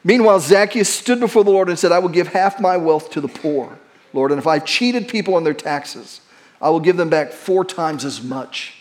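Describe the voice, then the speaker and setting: A man with a high-pitched voice preaches a sermon from the pulpit. He rushes through quick asides, then slows and drops to a hush for emphasis. He calls out lines for the congregation to repeat. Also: expressive. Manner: shifts between quick asides and slow, hushed emphasis; leads the congregation in call-and-response. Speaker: pastor.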